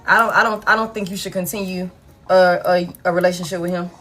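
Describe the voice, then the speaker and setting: A woman's voice: lowish voice, steady tone, quick pace, a bit bright. A woman giving a casual live tarot reading, blunt and frank, swearing freely and repeating herself for emphasis. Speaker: tarot reader.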